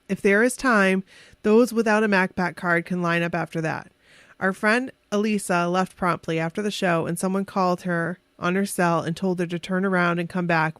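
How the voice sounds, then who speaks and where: A woman's voice: on the low side, dry recording. A woman co-hosting a casual podcast, chatty and giggly as she reads a fan story aloud, stumbling over words and correcting herself. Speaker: podcast co-host.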